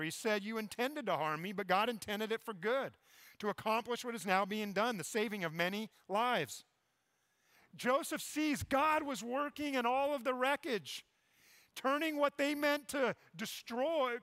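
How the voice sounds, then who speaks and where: Male preacher, high bright voice, impassioned then soft for emphasis. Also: no echo. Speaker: pastor. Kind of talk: sermon.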